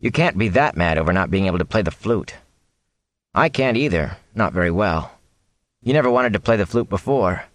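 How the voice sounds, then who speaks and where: An earnest young farm lad speaks in a low, plain, firm voice, read by a male narrator. He sounds steady and sincere, close to a natural speaking voice. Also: moderate pace, no room sound, natural voice. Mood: impatient.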